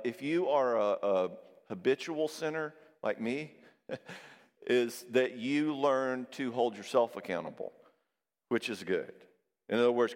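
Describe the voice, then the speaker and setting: A man's voice: mid-range voice, in a large hall. A man giving a conversational Christian talk on marriage, acting out both sides of conversations as he tells stories. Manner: animated storyteller who acts out both sides of conversations. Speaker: marriage counselor and speaker.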